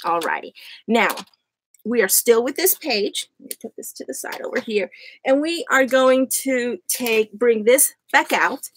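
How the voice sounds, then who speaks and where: Woman host, live craft demo; bright high voice with a lot of swing, unhurried pace, giggly and self-mocking, close desk mic. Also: expressive. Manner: chatty, laughs often at herself. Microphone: USB desk microphone.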